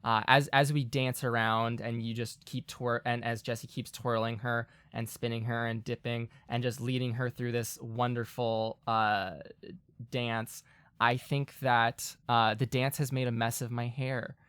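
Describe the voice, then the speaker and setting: Tabletop player, male, middle pitch, crisp and bright, talks in loose rambling bursts. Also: level tone, a little slow, dry recording, clean studio sound. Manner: rambling, lots of fillers and laughter. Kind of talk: casual role-play chat.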